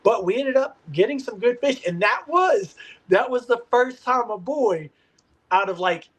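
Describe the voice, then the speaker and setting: A man as a podcast guest, telling a fishing story in an animated, rambling way. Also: very high-pitched, unhurried, poor audio. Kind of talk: casual podcast chat.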